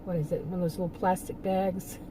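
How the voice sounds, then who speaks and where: A woman's voice: lowish voice, steady tone, brisk, background noise. A woman talking casually in a rambling monologue, laughing often and restarting her sentences. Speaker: channel host.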